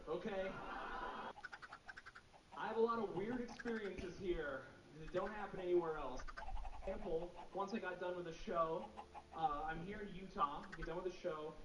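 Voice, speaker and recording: A male stand-up comedian telling self-mocking stories in a deadpan way, with lots of rhetorical questions. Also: sits high. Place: comedy club stage. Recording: roomy, distant, dull, noisy live venue recording.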